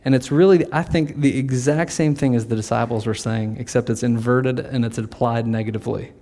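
A man's voice: mid-range voice, fairly even intonation, a little fast, few pauses, warm tone. A man preaching a sermon in a conversational way, sometimes acting out the voices of the people in his story. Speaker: pastor.

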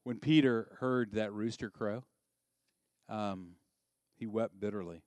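A man preaching a sermon in a conversational way, asking the listeners questions and swinging from loud, high bursts to quiet, low passages. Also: slow, no echo. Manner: conversational, asks the audience questions.

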